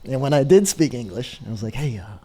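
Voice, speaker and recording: A man's voice: medium pitch, fast. A middle-aged man, a podcast guest, telling a story in casual conversation and often laughing as he talks. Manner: animated, laughs through his story.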